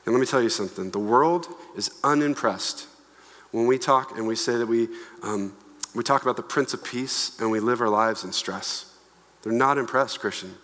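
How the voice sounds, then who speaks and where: A man in his thirties preaching a sermon from the stage in a conversational, animated way, with playful asides to the congregation. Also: medium pitch, normal speed. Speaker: pastor. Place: church hall. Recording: long echo of a church hall.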